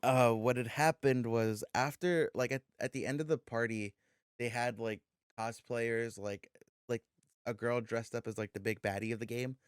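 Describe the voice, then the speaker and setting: A man co-hosting a podcast, telling a story in a loose, animated way, swearing freely and acting out the dialogue. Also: mid-range voice, moderate pace, clear, resonant tone, dry recording, clean studio sound. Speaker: podcast co-host. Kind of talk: casual storytelling chat.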